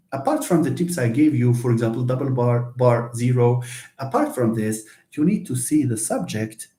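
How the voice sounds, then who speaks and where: A man giving a live online syntax lecture, explaining slowly with many fillers and restarts. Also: medium pitch, dark tone, echoey room. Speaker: linguistics lecturer.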